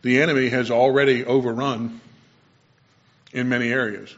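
A man's voice: medium pitch, flat delivery, moderate pace. Conversational male preacher, dull lo-fi sound. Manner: explanatory, with personal asides and self-corrections. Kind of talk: conversational sermon.

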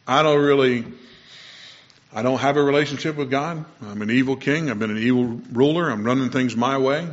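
A man's voice: mid-range voice, a bit bright, muffled recording. A man preaching a conversational sermon, explaining scripture with personal asides and the odd self-correction.

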